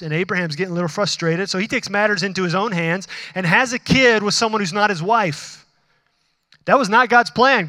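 A man's voice: high voice, no echo, clean studio sound, in a large hall. A man preaching a sermon as a pastor, talking conversationally, asking the congregation questions and acting out dialogue with God. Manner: acts out dialogue with God in animated bursts.

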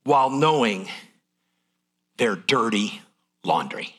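A man's voice: on the low side, lively intonation, slow, a bit bright. A middle-aged man preaching a sermon in a folksy, candid, emotional way. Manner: folksy, transparent, emotional delivery.

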